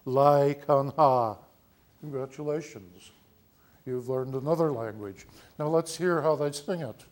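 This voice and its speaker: A man teaching a lesson, explaining patiently step by step and slowly sounding out words and vowels. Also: a little high, darkish tone. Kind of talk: spoken lesson.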